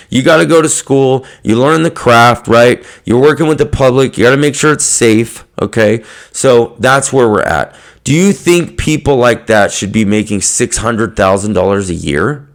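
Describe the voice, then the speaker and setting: A man hosting a podcast, ranting bluntly to fellow hairdressers, swearing often and stuffing his talk with fillers. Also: medium pitch. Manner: blunt, heavy swearing, lots of fillers, laughs mid-rant. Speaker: podcast host. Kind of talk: profane rant to fellow hairdressers.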